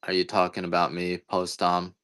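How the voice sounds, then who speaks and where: A man's voice: sits low, monotone, moderate pace, a bit bright, clear, resonant tone. A man hosting a casual live-stream coffee sale, rambling and joking at his own expense. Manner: rambling, joking, self-deprecating. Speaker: livestream seller of coffee. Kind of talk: casual live-selling chat.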